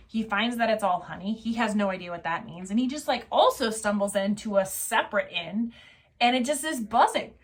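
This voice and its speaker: A tipsy woman giving a rambling, profane, excitable recap of a novel's plot as a casual book reviewer. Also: mid-range voice.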